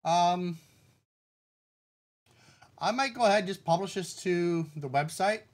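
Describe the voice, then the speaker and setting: A man with a somewhat high voice, working through a live coding stream. He walks through each setting out loud in an easy, unhurried way and chats with his viewers between steps. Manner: relaxed, talks himself through settings step by step; addresses the chat directly. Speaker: game developer streaming live. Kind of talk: live-stream walkthrough, thinking aloud.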